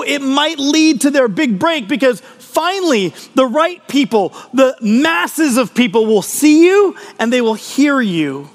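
A man's voice: extremely high pitch, sing-song, measured pace, few pauses, long reverb tail. A man giving a conversational podcast sermon as a pastor, earnest and personal, often restarting his sentences.

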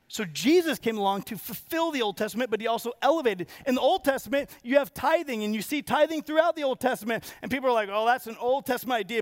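A man preaching a sermon, animated, acting out quotes in changing voices. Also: very high voice, no echo. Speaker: pastor.

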